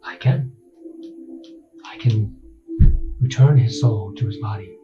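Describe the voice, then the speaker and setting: A man voicing a slow, methodical male fey elder who heals with nature magic, speaking quietly over soft music. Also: on the low side, steady tone, lo-fi sound. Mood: calm.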